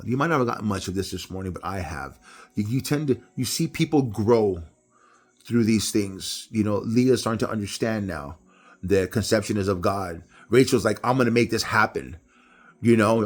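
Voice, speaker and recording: A middle-aged man giving a casual Bible devotional talk, telling personal stories with animated, rising delivery. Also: slightly rough. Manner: animated storytelling, jumps high when acting out others. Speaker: preacher.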